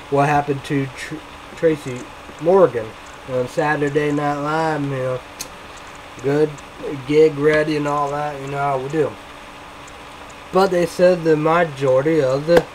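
A young man vlogging a casual review, rambling, swearing and shouting hype catchphrases. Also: fairly high pitch, a little hiss or hum, low-quality recording.

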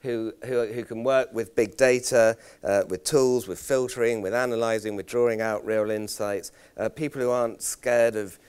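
A man leading a conference workshop, talking in a halting way with repeated words and self-deprecating stories. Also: medium pitch, steady tone, a little mellow, clean tone. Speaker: workshop presenter. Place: conference room.

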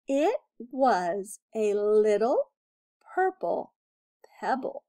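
A woman teacher reading a children's picture book aloud with expressive storytelling. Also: a little high, slow.

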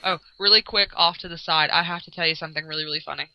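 A woman co-hosting a casual internet radio chat and telling stories with excited exclamations. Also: low-pitched, rapid-fire. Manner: animated storyteller, bursts into excited exclamations. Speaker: co-host. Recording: dull, lo-fi online audio.

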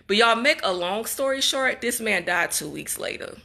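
A young woman from Chicago speaks in a casual vlog, upset and hurt as she talks straight to her viewers. Her voice sits a bit high, with a bright, forceful tone. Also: expressive, normal speed, creaky. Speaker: vlogger and graduate student. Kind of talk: casual emotional vlog monologue.

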